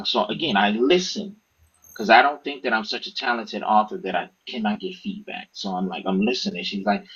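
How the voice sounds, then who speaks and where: Animated husky man telling stories. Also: lowish voice, fairly quick, lo-fi sound. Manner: animated, profane, acts out quoted speech. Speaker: author guest. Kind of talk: casual storytelling interview.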